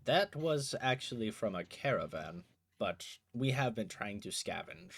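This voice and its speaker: A man voicing a weary older woman who survives in a wasteland bunker, speaking plainly and matter-of-factly in his own low voice. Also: sing-song, measured pace, fairly bright tone, slightly rough, full character voice.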